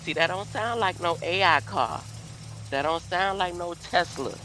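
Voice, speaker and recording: A woman's voice: on the low side, a little slow, pushed and bright, slight background noise. A woman casually chatting with viewers on a livestream from inside her car, playful and laughing often. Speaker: livestream host. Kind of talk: rambling casual livestream chat.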